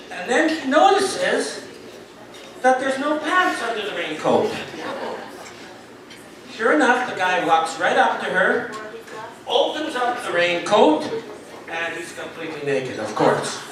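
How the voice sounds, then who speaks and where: High-voiced man telling jokes in a hall. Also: big pitch swings, a little slow, long pauses. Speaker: reunion speaker telling jokes. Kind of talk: joke telling to an audience. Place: large echoey hall at a reunion. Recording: echoey hall, distant mic, crowd.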